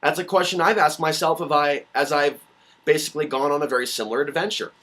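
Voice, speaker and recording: Male vlogger, slightly high voice, animated profane rant on a webcam mic. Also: quick pace. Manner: animated, swearing, mocking voices. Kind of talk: rambling solo vlog rant.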